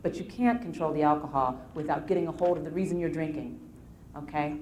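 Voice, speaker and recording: A woman's voice: low voice, a little fast, a little hiss or hum. Woman telling anxiety stories at a seminar. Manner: storytelling with case anecdotes, animated with frequent restarts. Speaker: anxiety self-help lecturer. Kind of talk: live motivational seminar talk. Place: stage at a live seminar.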